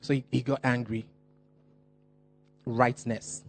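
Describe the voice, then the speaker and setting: A man preaching a sermon, stressing and repeating key phrases, slowing down on important words. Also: mid-range voice, level tone, faint music behind.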